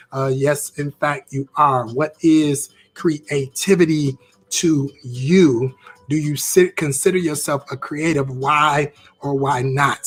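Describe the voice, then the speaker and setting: Husky guy running a live stream class, hyped, keeps repeating stuff and reading chat. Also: on the high side. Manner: upbeat, repeats phrases, reacts to viewer comments. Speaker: author and creativity teacher.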